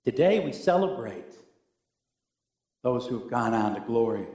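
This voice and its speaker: A middle-aged man preaching a sermon as pastor, earnest and unhurried, with dramatic pauses and rising swells. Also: mid-range voice, big pitch swings, darkish tone. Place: church sanctuary. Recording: echoey church sanctuary.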